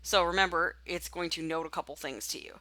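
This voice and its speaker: Lady walking through stats software on screen, chatty, thinks out loud, lowish but bright voice, dry close mic. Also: a little fast, no echo. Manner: chatty, thinks aloud while clicking. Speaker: statistics instructor. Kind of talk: screen-recorded software tutorial.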